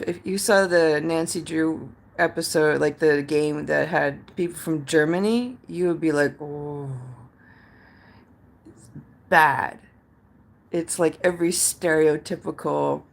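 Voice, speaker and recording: A woman's voice: low-pitched, gravelly. A Canadian woman streaming live, chatting with her viewers in a rambling, filler-heavy way and reacting to chat comments. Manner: reads out chat comments and replies. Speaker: livestream host.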